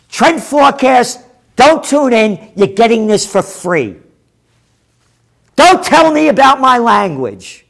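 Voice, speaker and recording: A man with a notably high voice rants as a show host, swinging his pitch widely as he goes. He is combative and profane, breaking into loud shouts between slower stretches. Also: big pitch swings, vocal fry. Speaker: host of a trend forecasting show. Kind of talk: ranting commentary.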